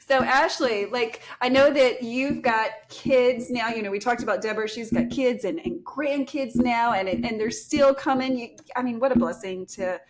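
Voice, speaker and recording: A woman from Texas with a Southern accent, hosting a casual podcast chat, chatty and quick to laugh. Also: on the high side. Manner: chatty, laughs often, says y'all. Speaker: podcast host.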